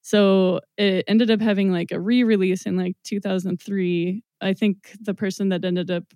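A woman on a podcast, talking casually and rambling through a story, full of fillers and easy laughter. Her voice is mid-pitched and recorded close and dry, with no room sound. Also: fairly even intonation, moderate pace, mellow, dry recording. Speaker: podcast guest presenting a film. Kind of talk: casual chat.

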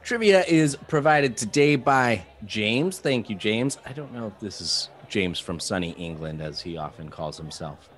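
A man's voice: fairly low pitch, expressive, unhurried, few pauses. A man hosting a casual podcast, laughing often and reading out trivia questions. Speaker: podcast host.

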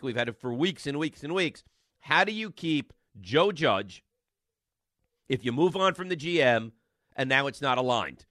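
Animated sports radio host ranting. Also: male voice, medium pitch, no echo, studio quality. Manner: animated, ranting, emphatic repetition. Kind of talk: sports talk radio monologue.

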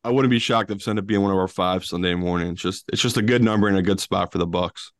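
A man's voice: sits low, fast, no room sound, clean studio sound. Laid-back teasing male podcast host. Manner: loose, teasing, laughs often, swears casually. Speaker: podcast co-host, sports betting analyst. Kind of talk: casual sports betting debate.

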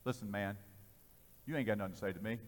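A man's voice: on the low side, quick pace, voice pushed down, close to an everyday voice. Preacher doing a tough street man, blunt and wary, big echoing hall. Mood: dismissive. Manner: blunt, warning. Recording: reverberant hall.

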